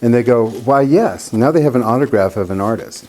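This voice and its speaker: Mellow-voiced guy running a painting class, chatty, tells stories and does the voices. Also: medium pitch, fast talker. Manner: chatty storyteller, acts out quoted voices. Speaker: painting instructor. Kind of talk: casual workshop teaching.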